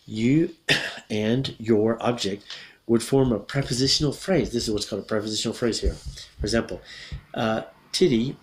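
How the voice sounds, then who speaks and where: A man teaching English grammar, reading a picture book aloud slowly and breaking off to explain and correct himself. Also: on the low side. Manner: reads slowly with self-corrections and asides. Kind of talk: casual read-aloud lesson.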